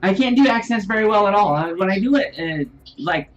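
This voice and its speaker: Woman race host, casual jokey commentary, mid pitch, slightly distant mic. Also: lively intonation, a little fast, muffled recording. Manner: chatty, laughing, playful asides. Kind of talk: live sim racing commentary. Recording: distant mic with faint noise.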